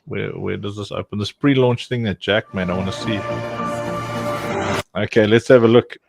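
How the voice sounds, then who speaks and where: A man's voice: on the low side, moderate pace, gravelly, over music. A man hosting a live stream in a casual, playful, rambling way, often breaking into laughter. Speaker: livestream host.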